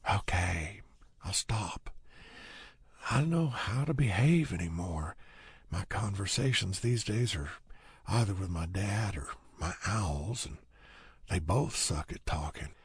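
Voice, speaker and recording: A man's voice: sits low, animated, slow pace, husky, no echo, full character voice. A man voicing a wry, self-mocking young woman who teases with needling questions in an audiobook.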